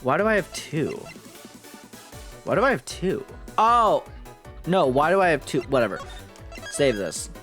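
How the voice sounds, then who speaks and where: A woman streamer commenting on a game live at her desk mic, her voice swinging widely in pitch. She chatters, laughs a lot and swears freely, with faint game music underneath. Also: big pitch swings, measured pace, long pauses, fairly bright tone. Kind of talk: casual live-stream commentary while playing.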